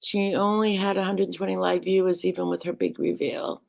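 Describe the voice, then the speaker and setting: A woman's voice: on the low side, steady tone, moderate pace, gravelly, a little mellow. A woman live streamer chatting casually, rambling and greeting viewers by name.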